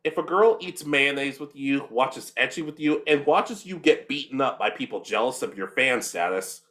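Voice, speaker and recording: Lively young man recapping an anime. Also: mid-range voice. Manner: animated storytelling, quick voices for characters. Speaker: podcast co-host. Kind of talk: casual recap of an anime episode.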